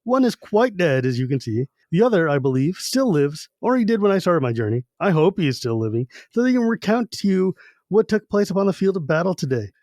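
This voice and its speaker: A man's voice: high voice, very animated, fairly quick, darkish tone, dry recording, clean studio sound, pitched above the performer's own voice. A man voicing a sarcastic enemy officer with a harsh, blaring voice. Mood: taunting.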